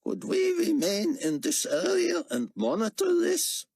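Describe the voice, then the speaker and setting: A man voicing an elderly, devout Israeli scholar who speaks formally and slowly in a high, creaky quaver. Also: big pitch swings, a little mellow, no echo, heavily acted. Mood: earnest. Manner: formal, slow and reverent.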